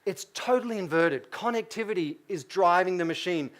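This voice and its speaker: A middle-aged Australian man giving a business keynote lecture, lively, asking the audience questions. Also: high-pitched, normal speed. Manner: lively, asks the audience questions, acts out quotes. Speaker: keynote speaker.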